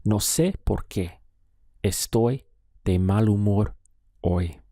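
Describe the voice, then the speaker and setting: This slow spoken Spanish lesson comes from a male teacher whose voice is low and dark. He proceeds deliberately, without hurry, and pauses for the listener to respond, all captured in a dry, close recording.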